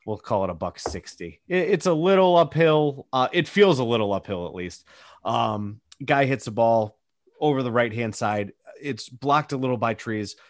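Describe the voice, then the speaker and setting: Animated storytelling man, lively pitch. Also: moderate pace, no echo, studio quality. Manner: animated storyteller, acts out quotes. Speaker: podcast co-host. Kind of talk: casual chat.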